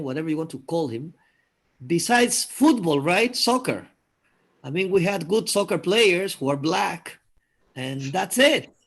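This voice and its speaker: A man from Peru talking through current events in a casual conversation, thoughtful and hesitant, with many pauses and fillers. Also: high-pitched, fairly bright tone. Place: live video call.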